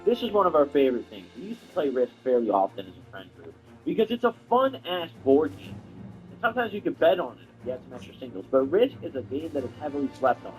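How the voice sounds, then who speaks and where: A man's voice: fairly high pitch, sing-song, quick pace, faint music behind, low-quality recording. A young man talking casually to camera, telling a rambling, profane, slang-heavy story as a video creator.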